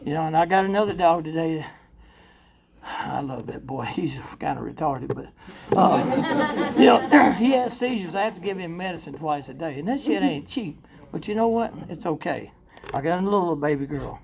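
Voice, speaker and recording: An older man giving a blunt, profane recovery testimony to a live audience. He rambles with fillers, laughs often, and swings between loud and quiet. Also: on the high side, expressive, moderate pace, gravelly, over a noisy crowd. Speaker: speaker sharing at a recovery convention workshop.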